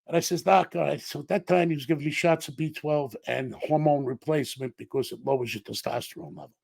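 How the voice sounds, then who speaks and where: Gravelly middle-aged man telling a story. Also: on the high side, fast, no echo. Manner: animated storyteller, acts out quoted dialogue. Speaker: guest. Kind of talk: storytelling in a podcast interview.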